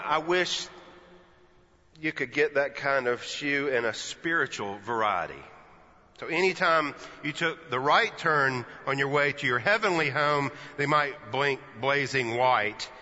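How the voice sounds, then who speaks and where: With a sharp, medium-pitched voice, a fifty-something Texan pastor delivers a sermon full of folksy stories and playful asides. The recording, made in a church sanctuary, sounds dull and has long reverb.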